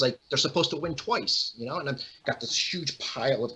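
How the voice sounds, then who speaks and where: A man's voice: medium pitch, brisk, breathy edge, low-quality recording. A young man, a guest actor, telling casual stories and acting out the voices of the people in them. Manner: animated, acts out quoted voices. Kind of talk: casual storytelling.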